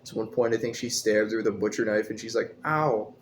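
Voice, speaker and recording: A man's voice: fairly low pitch, completely flat delivery, fast, slight background noise. A man reviewing a movie in a casual, profane, scornful rant full of rambling asides.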